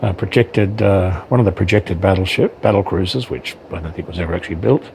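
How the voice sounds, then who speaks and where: A man's voice: low-pitched, fairly quick, creaky, a little mellow, a little hiss or hum, rough recording. A man giving casual unboxing commentary on his miniatures, hesitant, with frequent ums and self-corrections. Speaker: wargaming hobbyist reviewing miniatures.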